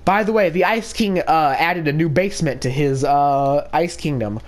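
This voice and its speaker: A man's voice: on the high side, normal speed, lightly acted. A man voicing a bossy, scheming cartoon candy princess in a Minecraft role-play, rambling with many fillers.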